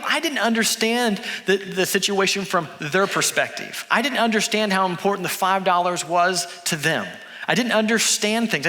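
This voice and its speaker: Brief: Texan male pastor, animated storytelling sermon, bright forceful voice, long church-hall reverb. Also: fairly high pitch. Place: church sanctuary.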